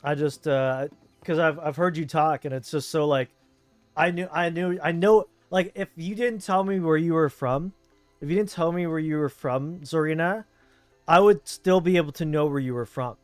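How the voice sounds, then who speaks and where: A man's voice: fairly high pitch, normal speed, no echo, faint music behind. Laid-back Southern Californian streamer guy. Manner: rambling, laid-back, full of fillers. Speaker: game streamer. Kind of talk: casual chat while gaming.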